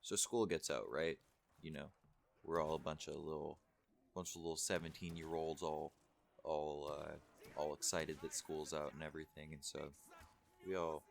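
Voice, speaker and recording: A man's voice: rumbling low, creaky, slight background noise. A young man telling a story casually, rambling and swearing a lot, with many fillers. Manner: rambling, profane, full of fillers. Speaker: vlogger.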